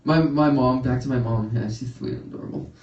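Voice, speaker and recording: A young man doing a stand-up set, laughing at his own jokes and jumping into high yelps when he acts out his reactions. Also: a little fast, darkish tone, lo-fi sound. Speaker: stand-up comedian. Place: comedy studio stage. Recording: roomy, picked up from a distance.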